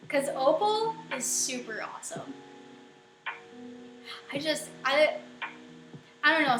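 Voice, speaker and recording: A woman's voice: high-pitched, fairly bright tone. A young woman chatting casually and giggling often as she answers viewers during a live baking stream at home. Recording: roomy echo with faint music.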